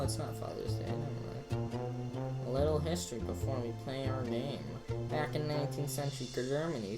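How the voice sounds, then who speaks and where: A woman vlogger giving rambling, casual commentary over a screen recording, with many fillers and self-corrections. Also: low voice.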